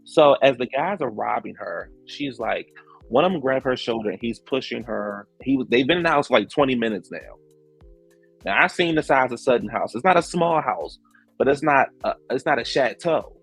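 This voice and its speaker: Gravelly man in a slangy show recap. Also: mid-range voice, normal speed, no echo, soft background music. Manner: animated, acts out quotes, slangy. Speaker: reality show recap host. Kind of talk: casual recap commentary.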